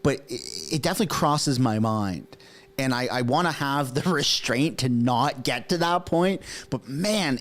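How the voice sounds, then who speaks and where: A man's voice: on the high side, lively intonation, moderate pace. A man from Canada hosting a casual political reaction stream, ranting in an exasperated way with lots of restarts. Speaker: political commentary host.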